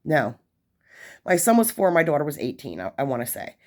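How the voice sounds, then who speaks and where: A woman's voice: low-pitched, sing-song, a little fast, darkish tone. A woman in her forties telling a story in a chatty, casual way, with lots of fillers and asides. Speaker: vlogger sharing prison experiences.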